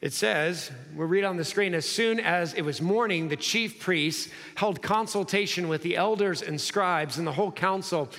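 A man preaching an expository sermon, acting out the dialogue and dropping low and slow for emphasis. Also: a bit bright. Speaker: pastor. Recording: long hall reverb.

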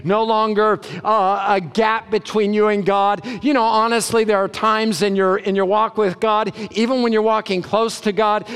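A man preaching a sermon as a pastor, animated and emphatic, with sudden loud bursts. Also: high-pitched, clean tone.

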